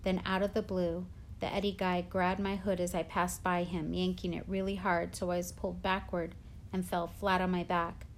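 Brief: woman narrator, low-pitched, steady audiobook reading. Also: moderate pace, a little hiss or hum. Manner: plain, steady storytelling. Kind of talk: scripted narration.

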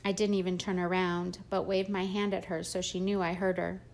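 A woman's voice: fairly low pitch, a little fast. Woman narrating a first-person audiobook. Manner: steady, plain storytelling.

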